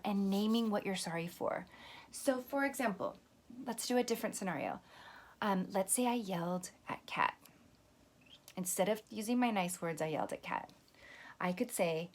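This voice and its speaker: A young woman teaching young children how to apologize, speaking gently and patiently and explaining each step, now and then acting out sample apologies. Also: medium pitch, expressive, normal speed. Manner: acts out sample apologies to a pretend friend. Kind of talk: lesson for children.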